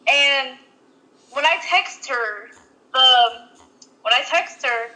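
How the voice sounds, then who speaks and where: On a roughly recorded podcast, a young adult woman co-host speaks slowly in a high, sharp voice. She tells a story casually, rambling with lots of "like" fillers and restarts.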